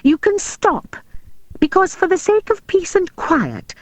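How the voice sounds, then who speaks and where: Prim, teasing girl, read by a woman, light and high. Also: wildly swooping pitch, no room sound, heavily acted. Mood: demure. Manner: prim, deliberate and demure. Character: demure, teasing young girl.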